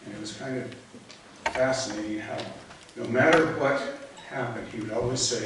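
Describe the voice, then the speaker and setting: A man's voice: medium pitch, steady tone, normal speed. An older man giving a eulogy, telling stories from years past with fondness and light chuckles. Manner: storytelling, fond, with light chuckles. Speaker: eulogy speaker. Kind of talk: eulogy remembrance. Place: funeral chapel. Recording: echoey hall picked up from far off with background noise.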